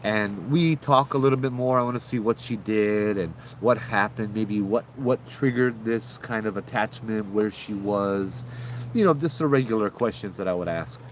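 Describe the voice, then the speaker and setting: Guy in his 30s telling a spooky story all loose and chatty, kinda low voice. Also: normal speed, a little hiss or hum, poor audio. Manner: loose and conversational, with fillers and sudden loud bursts. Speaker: ghost story host. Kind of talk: casual spoken ghost story.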